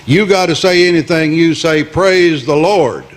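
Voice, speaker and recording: A man's voice: on the high side, unhurried, natural voice. A man voicing an indignant young nun who scolds in a prim way, told inside a joke on stage. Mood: scolding.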